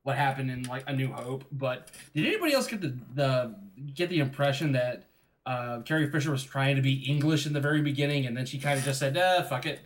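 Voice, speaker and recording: A man's voice: medium pitch, fast. A man co-hosting a casual podcast, loose and rambling, swearing freely. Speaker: podcast co-host. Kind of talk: casual chat.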